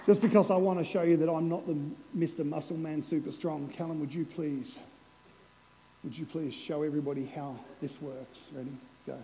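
A man preaching a lively, playful sermon to a congregation, using an object lesson. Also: a little high, moderate pace, big-room sound, slight background noise, rough recording. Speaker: pastor. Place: church hall before a congregation.

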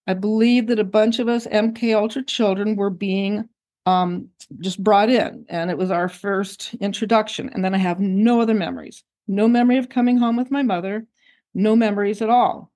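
An older woman, a guest on an interview show, recounting her own memories in a reflective, unhurried way. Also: medium pitch, steady tone, a little mellow. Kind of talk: personal recollection in an interview.

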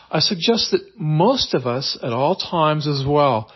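A man hosting a daily guided visualization, leading the listener through breathing and affirmations in a slow, calm, repetitive manner. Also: a little high, slightly rough, dull audio. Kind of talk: guided meditation.

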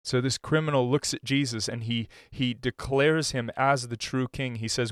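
A man preaching a sermon, earnest and searching, restarting phrases and going hushed as he quotes scripture. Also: mid-range voice, steady tone, normal speed, hardly any pauses, clear, resonant tone, no echo, clean studio sound. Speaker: pastor.

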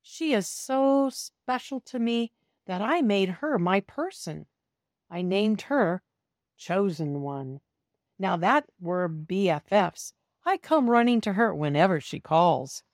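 A woman's voice: mid-range voice, dry recording, studio quality. A woman reading a children's storybook aloud, narrating as a cat in the first person and talking directly to young listeners. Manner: slow, expressive storytelling that talks to young listeners. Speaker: storybook reader.

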